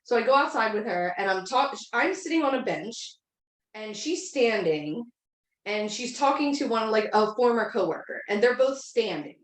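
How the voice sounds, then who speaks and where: A woman's voice: on the high side, animated, normal speed. A woman in her thirties telling a long story in a casual, rambling way, full of filler words. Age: 30s. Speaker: podcast co-host. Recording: echoey room.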